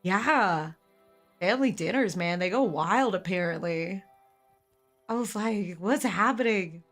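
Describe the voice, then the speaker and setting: A young woman streamer tells her live chat a family story, animated and unhurried at a medium pitch. She laughs a lot and swears casually, her voice a bit hoarse from karaoke, with soft music in the background.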